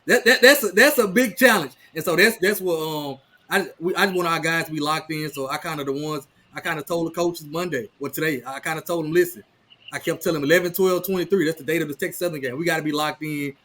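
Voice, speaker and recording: A man in his thirties in casual sports talk, excitable, stumbling over his words and repeating himself. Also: a little high, fast. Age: 30s. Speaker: guest, rival team insider.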